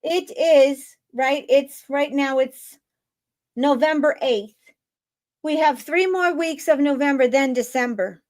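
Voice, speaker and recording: A woman's voice: high voice, slow pace, a little mellow. Chatty, blunt woman streaming live. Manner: chatty, blunt, swears freely, keeps asking "right?". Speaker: tarot reader and livestream host. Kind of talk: casual live-stream monologue.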